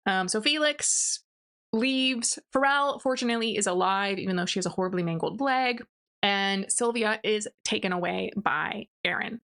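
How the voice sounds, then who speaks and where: A woman's voice: mid-range voice, normal speed, fairly bright tone. Exasperated young woman ranting about a book. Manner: casual, exasperated and sarcastic, with many fillers. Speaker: book reviewer. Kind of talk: ranting book review recap.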